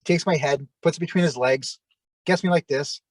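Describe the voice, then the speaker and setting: A former wrestler as an interview guest, telling long rambling anecdotes with lots of fillers and acted-out quotes. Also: male voice, on the high side, normal speed, dry recording, poor audio. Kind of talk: casual storytelling.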